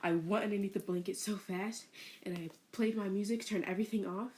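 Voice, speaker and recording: A woman co-hosting a casual podcast from her bedroom, telling a story in a playful, animated way with plenty of fillers. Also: mid-range voice, a little fast. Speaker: podcast co-host.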